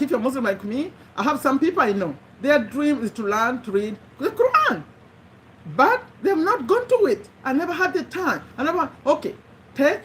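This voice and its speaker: A woman's voice: fairly high pitch, a bit bright, slight background noise, rough recording. A woman giving an earnest, conversational motivational talk, repeating her key phrases for emphasis. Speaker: motivational speaker.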